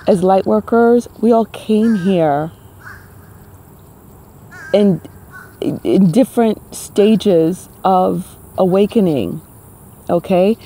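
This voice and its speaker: A woman's voice: medium pitch, dark tone. A woman from New City, talking about spirituality to camera in an emphatic, exasperated way, full of rhetorical questions. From New York City. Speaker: spiritual vlogger. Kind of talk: casual spiritual talk to camera.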